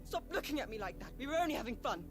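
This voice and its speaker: A woman voices a spoiled, cruel noble boy in a game cutscene, whining and sneering in a high voice. He is petulant and looks down on everyone around him. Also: sing-song, rapid-fire, over music. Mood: scornful. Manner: whiny, petulant and scornful. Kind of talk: video game cutscene acting.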